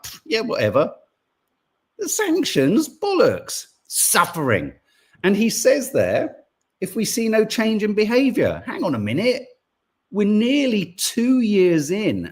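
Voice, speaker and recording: Indignant man, lively pitch. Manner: indignant, swearing, rhetorical. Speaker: podcast co-host. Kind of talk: political commentary podcast.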